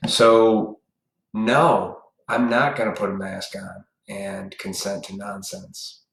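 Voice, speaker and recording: A man's voice: lowish voice, little pitch movement, slow, vocal fry, a bit bright, reverberant, rough recording. A man hosting a live stream, delivering a blunt, profane, preachy ranting monologue.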